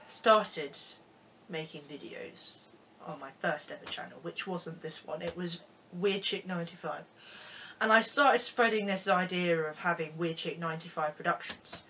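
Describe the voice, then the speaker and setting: A woman's voice: on the low side, a bit bright. Sarcastic, rambling young woman. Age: young adult. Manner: sarcastic, rambling, swings between mock anger and gloom. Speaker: YouTuber. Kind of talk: comedic vlog rant.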